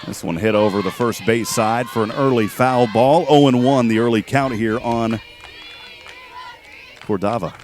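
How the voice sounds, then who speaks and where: A man calling a college softball game play by play, chatty and quick with statistics, joking with his co-host. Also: medium pitch. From Texas. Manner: chatty, rattles off stats, jokes with co-host. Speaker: play-by-play announcer. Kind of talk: sports play-by-play commentary. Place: outdoor softball field.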